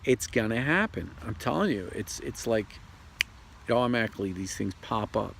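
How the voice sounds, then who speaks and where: Host type: man, low and gravelly, loose and repetitive, recorded outside with faint ambient noise. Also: lively intonation, a bit bright. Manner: rambling, repeats himself, acts out quick voices. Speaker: spiritual video host. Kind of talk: casual outdoor spiritual talk. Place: outdoors. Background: outdoor ambience, traffic and birds.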